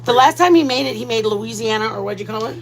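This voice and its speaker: A woman's voice: on the high side, quick pace, slight background noise, poor audio. A woman hosting a casual cooking livestream, rambling and greeting viewers by name. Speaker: cooking channel host.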